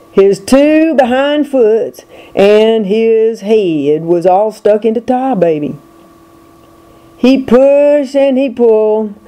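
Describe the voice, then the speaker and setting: An older woman reads a folk tale aloud at a very slow, unhurried pace. Her voice is mellow and soft, and she leans into the rhythm of the old dialect. She reads it for her grandchildren. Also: on the high side. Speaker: storyteller reading to grandchildren.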